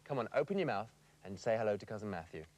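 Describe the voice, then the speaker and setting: Playful ventriloquist, man, animated delivery, patient scolding. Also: on the low side, fast, very noisy.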